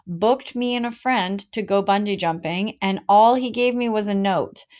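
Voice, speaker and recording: A woman's voice: mid-range voice, normal speed. A woman in her thirties co-hosting a podcast, telling stories with energy in casual chat, with lots of "like"s. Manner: energetic, storytelling, many "like"s. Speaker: podcast co-host.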